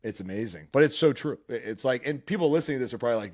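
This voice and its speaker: A man's voice: medium pitch, animated, rapid-fire. A man hosting a podcast, telling personal stories in casual chat, earnest and emotional with lots of restarts. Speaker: podcast host.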